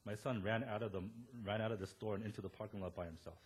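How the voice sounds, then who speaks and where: A man in his thirties preaching a sermon as pastor, animated and storytelling, quoting the people he talks about. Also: on the low side, quick pace, husky.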